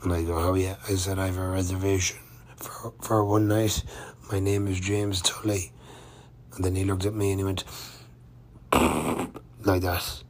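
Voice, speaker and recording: A man's voice: deep voice, steady tone, moderate pace, pauses often, a little hiss or hum. A man telling a rambling, chatty travel-diary story of his day on the road, full of fillers and restarts. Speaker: touring cyclist vlogger. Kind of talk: casual travel-diary narration.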